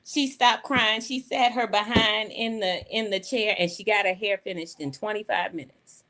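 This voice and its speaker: A woman telling personal stories in an animated, folksy way, often laughing as she talks. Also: mid-range voice, normal speed, noisy background. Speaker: panel speaker. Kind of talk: personal storytelling.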